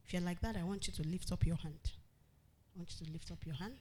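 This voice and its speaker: A woman pastor preaching a sermon to a congregation, animated, acting out quotes and calling out loudly. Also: lowish voice, a little fast.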